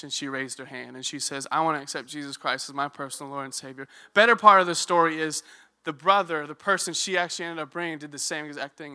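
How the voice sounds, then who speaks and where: A young man preaching a sermon in a church, telling stories in a lively, conversational way with joking asides. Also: on the high side. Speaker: youth ministry director. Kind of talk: sermon with storytelling. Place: church sanctuary.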